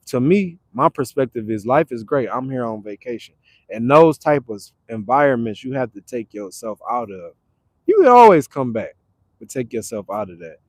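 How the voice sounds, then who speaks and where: A man from Detroit talking casually on a livestream, animated and repetitive, breaking into loud acted retorts. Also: mid-range voice, moderate pace, no room sound. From Detroit, Michigan. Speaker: livestream host. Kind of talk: casual motivational livestream talk. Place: now staying in Arizona.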